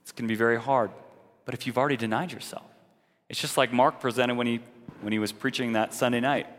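A man's voice: mid-range voice, steady tone, fast, fairly bright tone, in a large hall. A man preaching a sermon in an earnest, direct way, now and then mocking the views he argues against.

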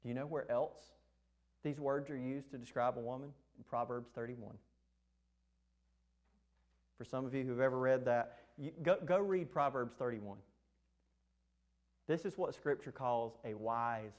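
A man preaching a sermon, lively and animated, acting out the words of the text. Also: a little slow, long pauses. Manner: animated, acts out scripture quotes with rising pitch.

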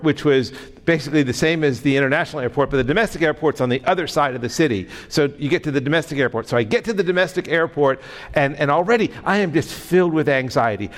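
A man preaching as a pastor, telling a story in a lively way and often tripping over and repeating his words. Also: on the high side. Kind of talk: storytelling sermon. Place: church sanctuary. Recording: long reverb of a large hall.

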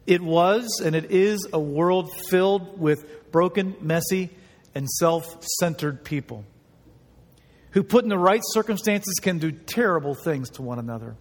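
A man preaching a sermon as pastor, earnest and emphatic, repeating key words for weight. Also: high-pitched. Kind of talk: sermon with prayer. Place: church hall. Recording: long hall reverb.

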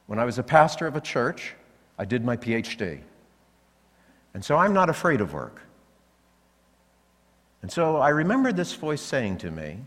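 A man preaching a sermon, telling stories and acting out the voices he heard. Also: medium pitch. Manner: animated storytelling, acting out voices. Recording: long hall reverb.

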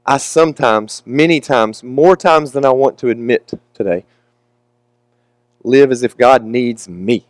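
A man's voice: medium pitch, measured pace, no echo. A young man preaching a candid, emotional, confessional sermon with casual asides.

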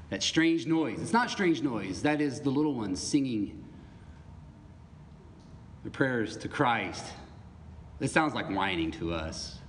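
A man preaching a sermon as pastor, animated, with asides and little laughs. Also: medium pitch, slight background noise. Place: church sanctuary. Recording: reverberant church hall.

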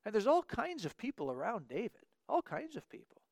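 A man's voice: high voice, huge pitch swings, a little fast, vocal fry, darkish tone, dry recording, studio quality. A man preaching a sermon in an earnest way, often doubling his words as he restarts a thought.

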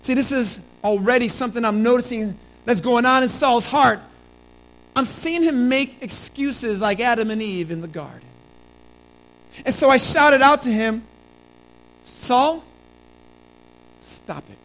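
Speaking in the first person as a biblical prophet, a preacher delivers a sermon with dramatic storytelling at a moderate pace. His delivery swings from loud emphasis to hushed, low tones, and the audio quality is poor.

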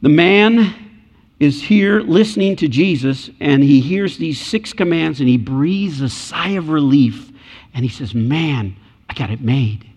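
Guy giving a sermon, slightly high pitched, hammers his points home, big echoey room. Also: expressive, measured pace, a little mellow. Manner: emphatic, repeats key phrases. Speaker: preacher. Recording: echoey hall.

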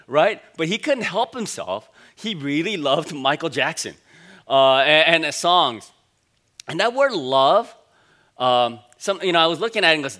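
Bright-voiced pastor man preaching. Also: on the high side, lively intonation, moderate pace. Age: 40s. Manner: conversational, storytelling, many fillers. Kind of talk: sermon.

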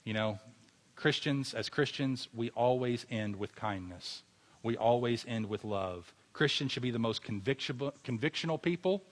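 A man's voice: medium pitch, moderate pace. A man preaching a sermon as a pastor, earnestly exhorting his congregation and closing in prayer. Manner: earnest exhorting preacher, rising to fervent emphasis.

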